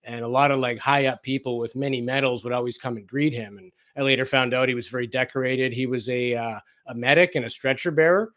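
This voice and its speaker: A man's voice: mid-range voice, fairly even intonation, fast talker, few pauses, fairly bright tone. A man as a guest on a radio interview, telling personal stories in a casual, anecdotal way and acting out quoted conversations. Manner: anecdotal, acts out quoted dialogue, frequent fillers.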